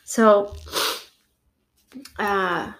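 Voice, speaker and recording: A woman's voice: mid-range voice, fairly even intonation, drawn-out words, fairly bright tone. A middle-aged woman, a podcast guest, giving an emotional personal testimony, acting out her phone calls and sniffling now and then from allergies.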